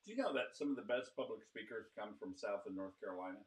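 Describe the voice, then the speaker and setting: A man with a fairly low, husky voice chats as co-host on a podcast. He teases and jokes around as he talks. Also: lively intonation, fast, rough recording. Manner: teasing, joking interjections. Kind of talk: casual chat.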